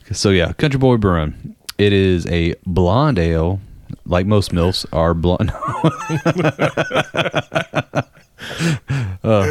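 A man's voice: lowish voice, background noise. A man co-hosting a podcast in casual comedic chat, joking and giggling as he reads product notes aloud. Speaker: podcast co-host.

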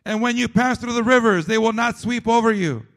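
A man delivers a sermon at a fairly quick pace, emphatic and repetitive, at times sinking into a low, quiet delivery.

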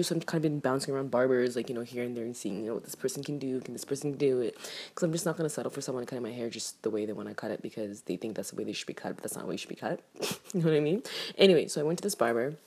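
A young woman telling a casual storytime rant to camera, animated and exasperated, swearing freely. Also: extremely low pitch, slightly rough. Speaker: vlogger.

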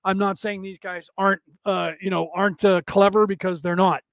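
A man's voice: sits high, little pitch movement, normal speed, no echo. A man hosting a rambling, profane comedic rant from his desk. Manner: profane, rambling, laughing at his own jokes. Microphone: desk setup.

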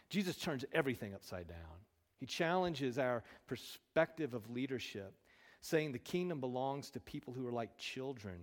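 A man delivers a sermon in an animated way, firing off rhetorical questions and rising in force on key words. His voice sits at an ordinary middle pitch. It rings out with a long hall reverb, as in a church hall. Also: moderate pace. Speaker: pastor.

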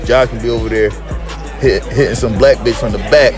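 A man hosting a podcast, telling a profane comedic monologue with lively storytelling, acting out other people and rising to yelling. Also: mid-range voice, fairly quick, music in the background. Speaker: podcast host.

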